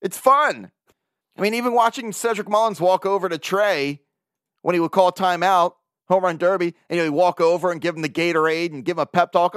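A man hosting a podcast in a casual monologue, animated and self-mocking, chuckling often. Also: sits high, fairly quick, clear, resonant tone, no room sound, clean studio sound. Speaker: podcast host.

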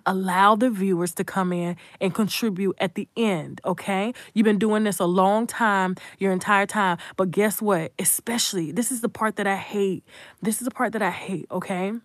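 A woman giving heated, profane live commentary, hammering points with repetition and shifting between hushed asides and loud outbursts. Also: steady tone, moderate pace, no room sound. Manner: rises into high, loud outbursts; drops to hushed, whispered asides.

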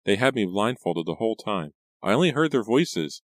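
A man's voice: fairly low pitch, sing-song, normal speed, no room sound, voice pushed up. A man voicing a frightened, shaky teenage girl in an audiobook, stammering and fretful.

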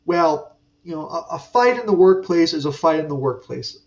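A man's voice: on the high side, expressive, moderate pace, darkish tone. A man hosting a podcast about aircraft maintenance, telling a story in a rambling, profane, casual way full of asides and fillers. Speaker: aircraft mechanic podcast host. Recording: dull sound from a distant mic.

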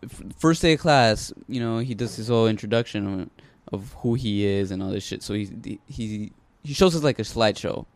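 A young man co-hosting a podcast in casual chat, laid-back and quick to laugh. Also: fairly low pitch, no room sound. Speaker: podcast co-host.

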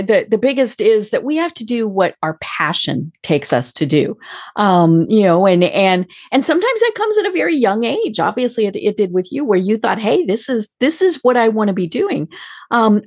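A woman's voice: on the high side, husky, no echo, studio quality. A woman hosting an interview, chatting casually and often giving short responses. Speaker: interview host.

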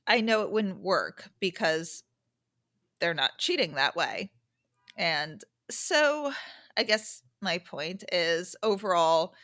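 A woman's voice: medium pitch, a bit bright, no room sound. A woman hosting a podcast, talking casually and candidly with frequent asides and self-corrections. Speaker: podcast host. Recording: dry close-mic sound.

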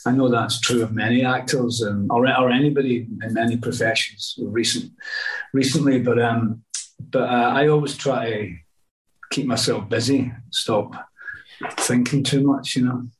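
A man's voice: medium pitch, steady tone, measured pace. A middle-aged man, a guest actor telling rambling stories in casual chat, full of restarts and asides. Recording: voice a bit distant from the mic.

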